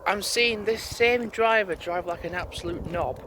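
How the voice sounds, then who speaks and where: A man's voice: high voice, moderate pace, noisy background. A man chatting casually in a rambling way as he walks his dogs outdoors for his vlog. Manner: rambling, chatty, thinking aloud. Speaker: vlogger. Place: outdoors on a country road, walking dogs.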